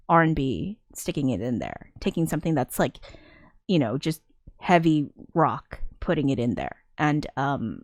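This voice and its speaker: A woman's voice: deep voice, a little mellow, dry recording, clean studio sound. A woman chatting casually on a live stream, rambling, giggling and self-deprecating. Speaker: streamer and musician.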